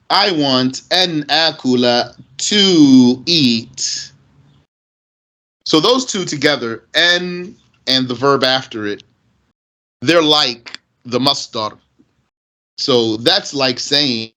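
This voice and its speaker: Bright-voiced man explaining Arabic grammar. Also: animated. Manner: reads Arabic text fast, then explains slowly with repetition; pitch jumps up when giving examples.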